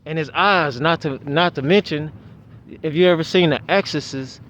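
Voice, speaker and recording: A man's voice: a little high, normal speed, slight background noise. Rambling man vlogging outdoors, lo-fi. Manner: rambling, restarts, animated retelling. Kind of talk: casual storytelling monologue. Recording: dull lo-fi outdoor recording.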